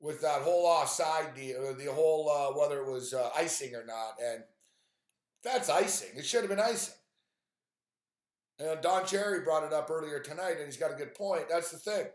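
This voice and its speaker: A man's voice: a little high, moderate pace. A man ranting on a live stream about sports games and his bets, swearing often and sounding frustrated. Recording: echoey room.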